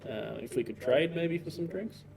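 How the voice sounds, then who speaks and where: Gravelly man, dry bargainer. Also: on the high side, lively intonation, moderate pace, a crowd in the background, low-quality recording. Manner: dry, smooth-talking bargaining. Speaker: player. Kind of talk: role-playing in character at a tabletop game.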